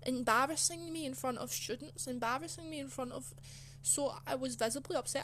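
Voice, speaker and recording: A young woman telling a personal story in a casual, rambling way, soft and emotional, with lots of fillers. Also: high-pitched, brisk, few pauses, slight background noise. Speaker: channel host.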